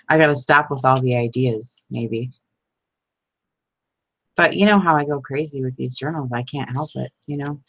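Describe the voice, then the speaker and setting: A woman's voice: rumbling low, measured pace, pauses often, breathy edge, dry recording, low-quality recording. A woman chatting casually to her viewers while making envelopes, laughing often and talking to them by name. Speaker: crafting vlogger. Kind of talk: casual crafting chat.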